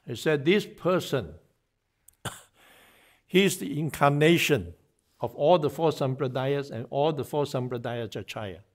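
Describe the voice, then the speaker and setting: A man's voice: mid-range voice, animated, a little slow, long pauses. Man telling devotional stories in a class. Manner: narrates with acted-out dialogue, frequent fillers and restarts. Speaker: guest speaker giving a morning class. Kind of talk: devotional storytelling lecture.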